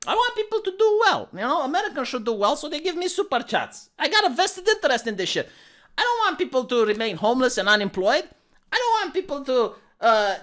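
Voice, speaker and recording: A man from Romania with a Romanian accent, vlogging an animated, gesticulating rant in a squeaky voice. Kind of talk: ranting commentary.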